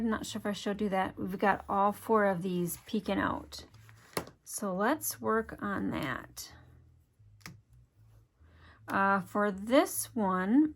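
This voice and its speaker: A woman from Wisconsin, demonstrating a card-making craft step by step in a chatty way. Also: medium pitch. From Wisconsin, USA. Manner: chatty, step-by-step, thinks aloud while working. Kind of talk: hands-on craft tutorial.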